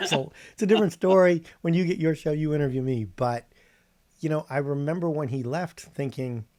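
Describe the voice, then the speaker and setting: A man's voice: on the high side, moderate pace, darkish tone. Man hosting a casual interview. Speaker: podcast host.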